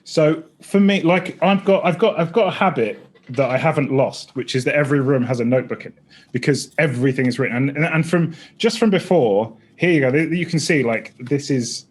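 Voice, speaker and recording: A man in his thirties, a streamer and former stand-up comic, chatting excitably in a rambling interview full of tangents. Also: on the high side, fairly quick. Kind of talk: casual interview chat.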